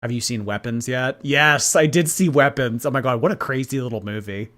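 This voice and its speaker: A man's voice: medium pitch, fairly quick, a bit bright. A man hosting a casual livestream, reading and answering viewer chat in a gossipy way and laughing often.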